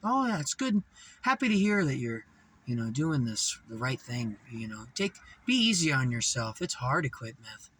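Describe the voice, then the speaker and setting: A man imitating a male drug dealer who softly coaxes and tempts, reassuring in a smooth voice. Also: medium pitch, sing-song, moderate pace, a little hiss or hum. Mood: coaxing.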